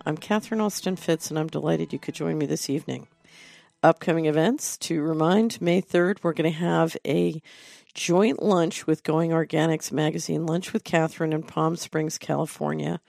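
Gravelly-voiced woman hosting a commentary show. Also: low-pitched, steady tone, normal speed, a little mellow, no room sound, clean studio sound. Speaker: host. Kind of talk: scripted commentary monologue.

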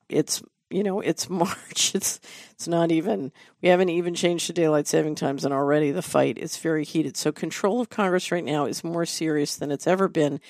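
A middle-aged woman hosting a talk show, delivering a measured, deliberate commentary monologue. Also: sits low, darkish tone, no echo, clean studio sound. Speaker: host.

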